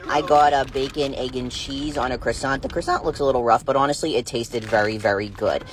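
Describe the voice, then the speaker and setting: A man telling stories in a casual vlog, chatty and profane and quick to laugh. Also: medium pitch, fairly even intonation. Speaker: vlogger.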